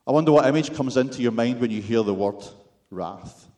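A man's voice: medium pitch, quick pace, dark tone. A man with a Scottish accent preaching a sermon, with wry, self-deprecating humor and rhetorical questions to the congregation.

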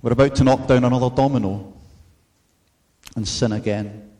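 A man preaching a sermon in an earnest, measured way, mixing in storytelling asides. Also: medium pitch, fairly even intonation, warm tone.

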